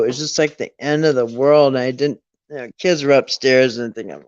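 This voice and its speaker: A man's voice: mid-range voice, moderate pace, clean tone, no echo. A middle-aged man telling a personal story in a casual, rambling way, often restarting and quoting his own thoughts. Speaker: storyteller on a late-night chat. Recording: dull, dry lo-fi sound.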